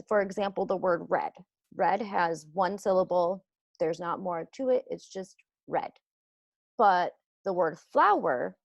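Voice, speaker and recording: A woman teacher giving a slow, patient lesson to children, explaining step by step. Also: medium pitch, creaky, dry recording.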